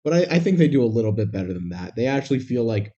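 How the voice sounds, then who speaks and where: A man's voice: mid-range voice, sing-song, racing, dark tone. A young man co-hosting a podcast, talking over movie logic in a wry, rambling, analytical way. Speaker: podcast co-host. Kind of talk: casual movie discussion. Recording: dull lo-fi sound.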